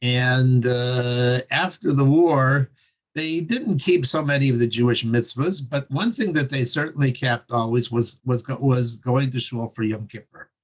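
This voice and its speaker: A man telling a religious story in an earnest, conversational way with many pauses. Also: medium pitch.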